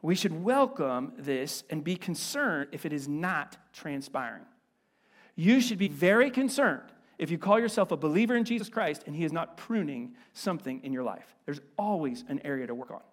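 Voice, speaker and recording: A man preaching a sermon as a pastor in a church, animated and conversational with playful asides. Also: a little high, moderate pace.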